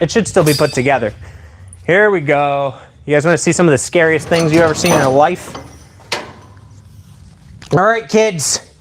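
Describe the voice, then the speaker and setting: A man live-streaming a demonstration of improvised weapons. He talks to his chat in an excitable, playful way. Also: high-pitched, slight background noise. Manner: excitable and playful, addressing viewers directly.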